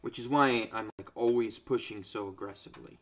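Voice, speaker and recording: A young man commenting on a strategy game in a crude, sarcastic way, swearing constantly and swinging from low mutters to loud outbursts at his units. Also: brisk. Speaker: gameplay commentator. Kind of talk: crude, ranting gameplay commentary.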